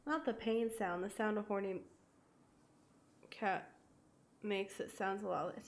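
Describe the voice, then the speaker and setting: A woman's voice: medium pitch, fairly even intonation, measured pace. A young woman livestreaming a game, chatting with viewers in a casual, giggly way and swearing freely. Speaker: live streamer. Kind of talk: casual gaming stream chat with viewers.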